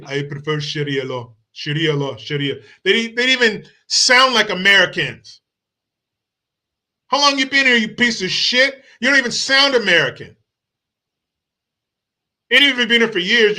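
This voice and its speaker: A man's voice: a little high, bright, forceful tone. A middle-aged man hosting a show, giving blunt, profane and heated political commentary. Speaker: show host.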